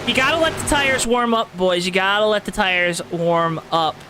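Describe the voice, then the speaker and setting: Bright-voiced man in announcer mode. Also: high voice, normal speed, slight background noise, poor audio. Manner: exaggerated announcer voice, talks straight to the audience. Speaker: race commentator. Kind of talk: play-by-play sim racing commentary.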